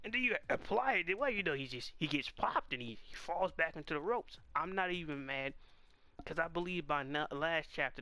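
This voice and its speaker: A man's voice: fairly high pitch, lively intonation, normal speed, bright, forceful tone. A man giving casual commentary on a comic chapter, exasperated and firing off rhetorical questions. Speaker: manga reaction host.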